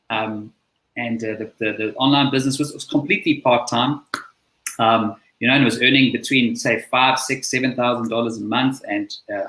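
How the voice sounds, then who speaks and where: A man's voice: medium pitch, a bit bright. Earnest man telling his story. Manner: earnest, reflective. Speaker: guest, chiropractor and coach. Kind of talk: interview storytelling. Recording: echoey room.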